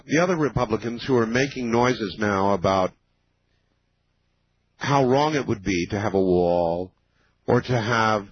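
A man's voice: medium pitch, slightly rough. A man hosting a call-in radio show, talking in a rambling, folksy, opinionated way. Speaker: radio talk show host. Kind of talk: late-night call-in radio talk. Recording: muffled AM radio broadcast.

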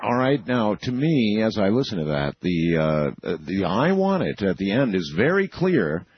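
A male radio host with a very low, husky voice and a lively, swinging delivery. He is chatty and laughs easily. The sound is dry and a little dull. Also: normal speed, no echo. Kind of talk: casual radio interview.

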